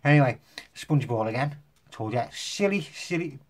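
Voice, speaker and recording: A man's voice: mid-range voice, lively intonation, normal speed. A man casually demonstrating magic tricks to the camera, joking and poking fun at himself as he rambles. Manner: jokey, self-mocking, rambling.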